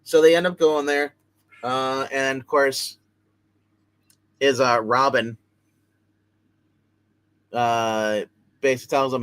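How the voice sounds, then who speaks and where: A man's voice: medium pitch, fairly even intonation, slow, pauses often, a bit bright. A man hosting a live comic book review, recapping plots casually with many fillers and restarts.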